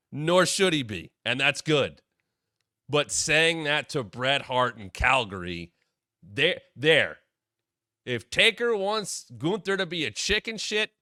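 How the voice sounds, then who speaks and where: Animated man giving blunt wrestling commentary. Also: medium pitch, dry recording, clean studio sound. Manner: animated, blunt, casual swearing. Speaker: wrestling podcast host. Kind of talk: opinionated commentary.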